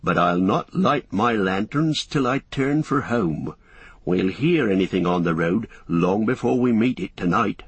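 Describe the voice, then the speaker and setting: A man's voice: fairly low pitch, lively intonation, measured pace, husky, dry recording. A man voicing a blunt, kindly hobbit farmer with a plain country way of talking, in an audiobook. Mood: cautious. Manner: country dialect, plain-spoken. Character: gruff rustic middle-aged hobbit farmer, blunt and kindly. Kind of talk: audiobook character voice.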